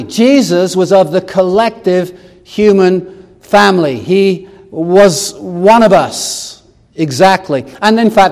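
High-voiced preacher in a reverberant hall. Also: male voice, a little mellow. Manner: expository, reading and explaining scripture with humor. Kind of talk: sermon.

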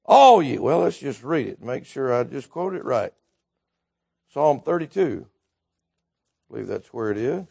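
A man preaching a Baptist sermon, building fervently to shouts and dropping low again, with chuckles between points. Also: expressive, a little slow, gravelly, pauses often, husky. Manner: fervent, rises to shouting then drops low.

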